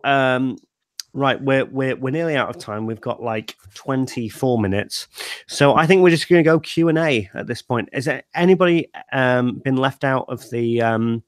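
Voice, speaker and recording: A man's voice: medium pitch, no room sound, clean studio sound. A tipsy man hosting a casual group livestream over a video call, slurring a little and rambling with many fillers and restarts. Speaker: livestream host.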